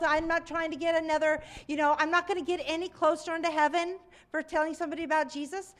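A middle-aged woman preaching a conversational sermon, telling stories and acting out quotes. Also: very high voice. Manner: conversational preaching, lively storytelling with acted quotes.

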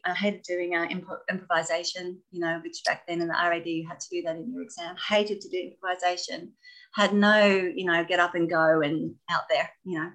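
Lively storytelling woman, lowish voice. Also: brisk, low-quality recording. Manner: animated, laughing, expressive storyteller. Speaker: guest, former ballet dancer. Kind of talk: storytelling in a casual interview.

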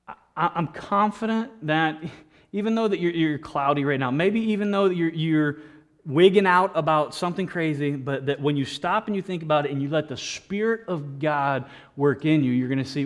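An animated pastor with a slightly high voice preaches at a moderate pace, often restarting words and tossing jokey asides to the congregation.

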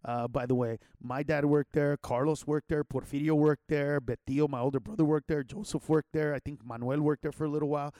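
A man's voice: fairly high pitch, fairly even intonation, fairly quick, hardly any pauses, warm tone, dry recording, clean studio sound. A man telling a childhood story in a loose, rambling way, with slang and many restarts. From Los Angeles area. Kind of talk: casual personal storytelling.

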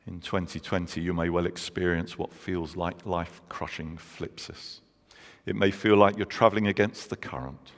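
A man, preaching a sermon and telling stories, slowing down for emphasis. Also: deep voice, steady tone. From England. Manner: earnest storytelling, slows down for emphasis. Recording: long reverb of a large hall.

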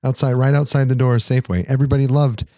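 A man's voice: medium pitch, steady tone, rapid-fire, mellow, a little hiss or hum. A man co-hosting a podcast, telling a rambling story in casual chat, laughing often and swearing offhandedly. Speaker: podcast co-host.

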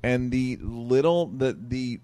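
A man's voice: medium pitch, slow pace, warm tone. A man comedian co-hosting a casual chat, telling stories emphatically and swearing freely. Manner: emphatic, profane storytelling. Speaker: comedian co-host.

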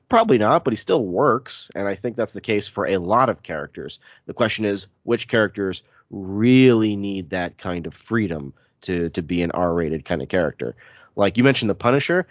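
A man's voice: fairly low pitch, expressive, no room sound, muffled recording. Congested man hosting a podcast. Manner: chatty, self-deprecating, quick asides. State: congested from a cold. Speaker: podcast host. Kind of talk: casual podcast chat.

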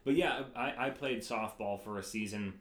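A man co-hosting a casual podcast, talking in a loose, chatty way. His voice sits a little low, and the sound bounces around a roomy, echoing space. He laughs easily between his points. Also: moderate pace, background noise. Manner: relaxed, chatty, laughs often. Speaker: podcast co-host. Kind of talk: casual chat.

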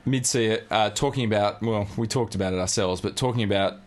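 Blunt, low-voiced Australian man. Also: brisk. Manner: blunt, rambling, swears freely. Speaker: podcast co-host. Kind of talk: casual sports chat.

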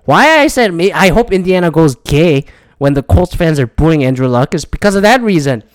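A man with a slightly high voice rants in a casual, frustrated way, swearing constantly and stumbling over restarts. The sound is dry and close. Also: lively intonation, moderate pace, dry recording. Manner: profane, frustrated, rambling with restarts. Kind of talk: casual rant.

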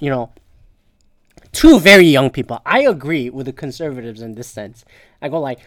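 A man's voice: on the high side, animated, normal speed, dry recording, clean studio sound. Profane, sarcastic ranting man. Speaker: podcast host. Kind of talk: casual solo commentary.

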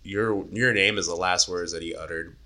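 A man in his twenties casually retelling a story in a profane, animated way, with frequent laughs. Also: low voice, moderate pace. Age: 20s. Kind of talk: casual book discussion.

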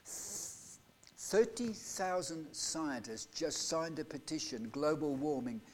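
A man delivers a sermon in a church, his voice pitched high for a man. He takes his time, drawing out each phrase. He moves from loud, urgent questions to near-hushed lines. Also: expressive, slow pace, slight background noise. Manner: dramatic preaching with rhetorical questions, swinging between loud and hushed. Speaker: pastor. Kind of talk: live sermon. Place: church hall.

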